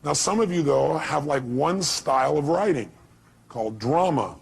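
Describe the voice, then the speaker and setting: A man's voice: on the high side, lively intonation, moderate pace, vocal fry, a little hiss or hum, poor audio. A man giving an emphatic motivational speech to a live audience, firing off rhetorical questions. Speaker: motivational speaker.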